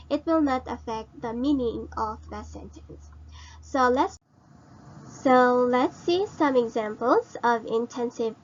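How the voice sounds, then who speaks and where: A woman with a Filipino English accent teaches grammar at a very unhurried pace. Her voice sits a little high, and she asks and answers her own questions. The recording sounds slightly dull and lo-fi. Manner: slow, explaining step by step with rhetorical questions. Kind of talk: recorded online grammar lesson.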